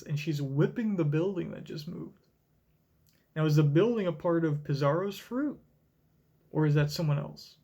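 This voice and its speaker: A young man streaming a live manga reaction, reading aloud and thinking out loud in an excitable, swearing way. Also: on the high side, moderate pace, long pauses, breathy edge.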